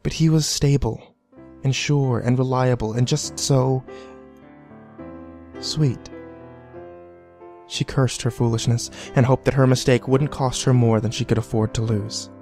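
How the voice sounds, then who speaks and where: A man's voice: medium pitch, steady tone, measured pace, pauses often, a little mellow. Man narrating a horror story. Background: faint background music.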